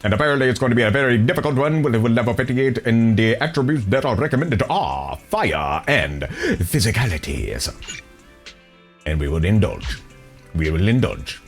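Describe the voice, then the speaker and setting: A gameplay streamer with a medium-pitched voice comments on a video game playthrough at a normal speed, very animated and playful. He reads the dialogue aloud and repeats phrases for fun, with soft music in the background.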